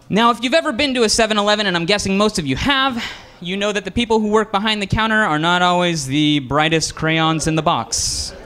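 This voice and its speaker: A man doing a stand-up comedy routine, telling a story in a halting way with frequent "uh"s. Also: fairly high pitch, sharp tone, clear, resonant tone. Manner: halting, restarts with filler "uh". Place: comedy stage with live audience.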